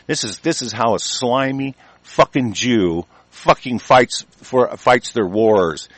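A man's voice: mid-range voice, takes it slowly, dry recording. Man ranting with heated, profane bursts. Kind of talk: angry political rant.

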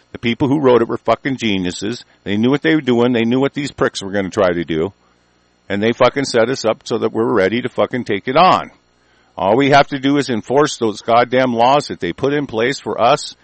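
A man's voice: medium pitch, dry recording. A man ranting angrily about politics, swearing constantly and stumbling over his words when he reads aloud. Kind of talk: angry profane rant.

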